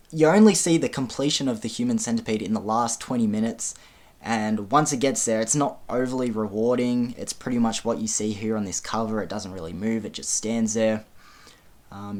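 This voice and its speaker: Guy doing a chatty movie review, blunt and sweary, ums everywhere. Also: medium pitch. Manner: frank, swears often, frequent ums. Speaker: film reviewer. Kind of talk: casual film review.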